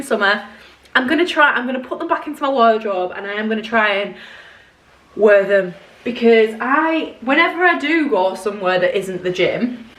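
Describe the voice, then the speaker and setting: A woman's voice: fairly high pitch, a bit bright. A young woman, chatting casually to camera in her bedroom, rambling and self-deprecating. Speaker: vlogger. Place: bedroom at home.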